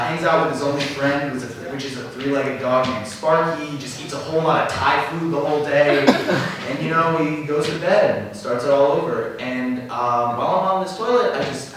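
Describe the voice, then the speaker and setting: A man's voice: on the high side, background noise. A young man doing a stand-up comedy set on a black-box theater stage, rambling and offhand, with lots of fillers. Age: young adult. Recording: echoey stage audio from a distant mic.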